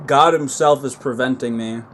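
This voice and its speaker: A man streaming a video game in casual commentary, exasperated and swearing, with sudden loud outbursts. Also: medium pitch, moderate pace, slight background noise.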